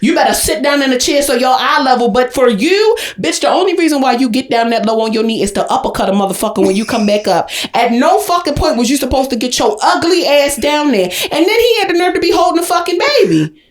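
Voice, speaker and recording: A young adult woman co-hosting a podcast, ranting loudly and profanely in an overdramatic comedic tirade. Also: sits high, very animated, fast talker. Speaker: podcast co-host. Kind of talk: comedic rant. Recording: roomy echo.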